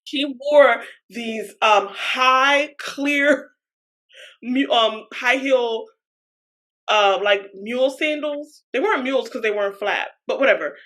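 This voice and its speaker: Woman co-host, high voice, animated storyteller who keeps breaking into tearful laughter. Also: slow. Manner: laughs through her story, giggly and animated. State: crying with laughter. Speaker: podcast co-host. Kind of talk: casual chat, storytelling.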